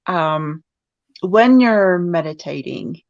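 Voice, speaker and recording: A woman guest in a casual talk, speaking haltingly with many fillers and restarts. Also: lowish voice, animated, a little mellow, dry recording, lo-fi sound. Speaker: podcast guest. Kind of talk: casual conversation.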